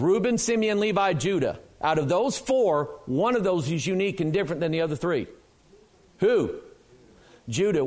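A man with a high-pitched voice preaching in a church. He fires questions at the congregation and answers them himself, with strong emphasis. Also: darkish tone. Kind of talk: sermon.

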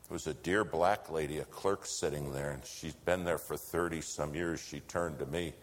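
Deep voiced guy preaching a sermon, big echo from a church hall, gets loud then whispery. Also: steady tone, normal speed. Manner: storytelling, swings from loud to hushed whispers. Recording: long hall reverb.

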